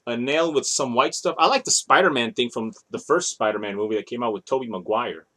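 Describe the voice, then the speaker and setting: His medium-pitched voice is brisk, bright, and forceful as this thirtysomething toy collector rambles through a casual show-and-tell vlog. He chats about his toys and regularly corrects himself mid-sentence.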